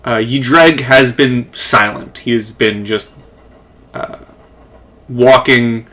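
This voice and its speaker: Calm game master narrating a tabletop game. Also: mid-range voice, slow.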